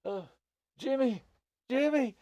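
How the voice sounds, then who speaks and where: Woozy squeaky gnome, confused and rambling. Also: male voice, slow pace, mellow, no room sound. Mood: dazed. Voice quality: high squeaky put-on voice. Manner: groggy and confused. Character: dazed male gnome who fell from a tree.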